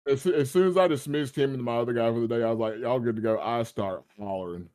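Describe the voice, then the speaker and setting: A man's voice: mid-range voice, fast, a little mellow. A young man, a podcast guest, telling a work story in a casual, rambling, stop-start way and laughing through it.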